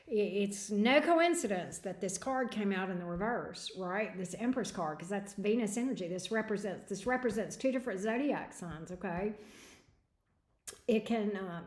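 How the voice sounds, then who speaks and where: A woman reading tarot on a livestream, talking frankly and casually with plenty of slang. Her voice has a medium pitch for a woman. The room around her sounds echoey. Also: animated, moderate pace, darkish tone. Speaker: tarot reader.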